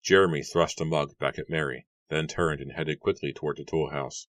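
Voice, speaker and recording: Very deep-voiced male narrator. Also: steady tone, fairly quick, a bit bright, no echo. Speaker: audiobook narrator. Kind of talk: scripted narration.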